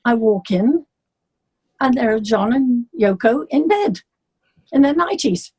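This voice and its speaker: An older English woman, a singer being interviewed, telling stories in a lively way and acting out the people she quotes. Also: on the high side, unhurried, slightly rough. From England. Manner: animated storyteller, acts out the people she quotes. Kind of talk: casual storytelling.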